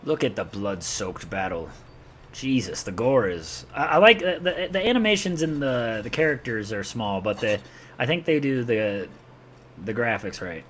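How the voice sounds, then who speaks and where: A man's voice: medium pitch, sing-song, moderate pace, fairly bright tone, slight background noise. A man from New York with a New York accent, rambling chattily through live gameplay commentary and talking to his chat. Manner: chatty, rambling, talks to chat while playing. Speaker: gaming streamer.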